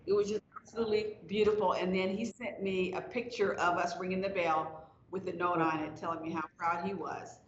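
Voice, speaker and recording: A middle-aged woman, a company executive being interviewed, telling stories expressively with her pitch rising and falling as she goes. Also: moderate pace, hardly any pauses. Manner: expressive storyteller, rises and falls in pitch with the story. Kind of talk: storytelling interview on stage. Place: festival stage. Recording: roomy, slightly muffled stage sound with faint noise.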